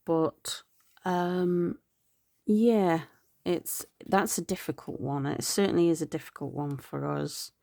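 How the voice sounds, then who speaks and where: Low, slow, gravelly-voiced woman vlogging. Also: steady tone, no room sound, studio quality. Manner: rambling, self-correcting, soft laughs. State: tired, yawning. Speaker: planner vlogger. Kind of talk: chatty planner update.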